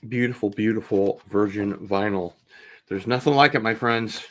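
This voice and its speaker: A man's voice: fairly low pitch, a bit bright. A man hosting a casual vinyl record unboxing, chatting as he opens packages and wandering off on tangents. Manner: rambling, drawn-out, talks things over while opening packages. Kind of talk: casual livestream unboxing chat.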